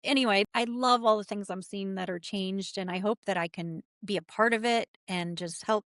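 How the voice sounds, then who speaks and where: A woman's voice: medium pitch, moderate pace, a bit bright, no room sound, clean studio sound. A middle-aged woman, a pageant titleholder, tells her story in an interview in an earnest, heartfelt way.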